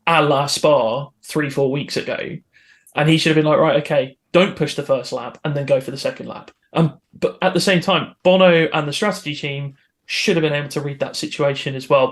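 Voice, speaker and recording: A man co-hosting a casual podcast, opinionated and earnest, often restarting his sentences. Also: fairly high pitch. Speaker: podcast co-host.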